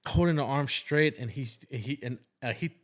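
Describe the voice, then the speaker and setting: A man with a mid-range voice and moderate pace co-hosts a casual podcast chat. A newly trained nurse, he tells work stories in a rambling way, full of restarts and quoted dialogue.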